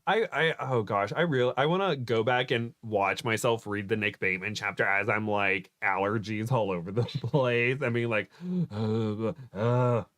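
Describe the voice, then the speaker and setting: A man's voice: on the low side, normal speed, hardly any pauses, fairly bright tone. Young man, from Georgia, stream co-host, giggly, rambling, self-deprecating. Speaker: co-host reading aloud. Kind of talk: casual streamed chat.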